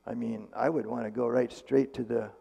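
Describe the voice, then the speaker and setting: A man's voice: mid-range voice, fairly even intonation, moderate pace, creaky, mellow. A man, a medical missionary speaker, retelling a testimony in a casual, conversational way with fillers and restarts, in a church hall. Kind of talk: storytelling testimony.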